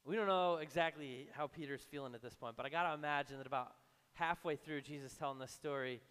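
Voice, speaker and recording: A man preaching a sermon in a conversational way, acting out imagined voices and dropping low and soft for emphasis. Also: quick pace, clear, resonant tone, long reverb tail. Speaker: pastor.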